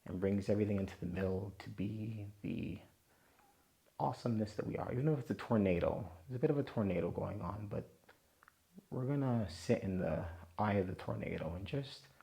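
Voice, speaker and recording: A young man guiding a yoga session in a relaxed, playful way, with jokes between calm breathing cues. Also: on the low side, creaky, husky. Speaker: vlogger leading a yoga session. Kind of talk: guided yoga instruction, casual vlog chat.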